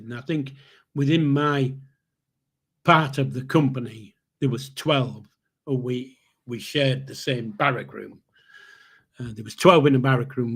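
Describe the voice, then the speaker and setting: Older male podcast host with a husky voice, rambling storyteller. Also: mid-range voice. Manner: rambling, with restarts and chuckles. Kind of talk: casual storytelling.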